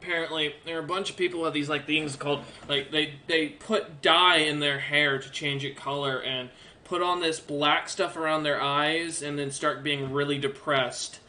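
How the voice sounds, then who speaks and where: A man's voice: on the high side, fairly even intonation, normal speed, pushed and bright, a little hiss or hum. A man doing a cocky commander. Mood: rambling. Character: cocky, well-groomed male commander.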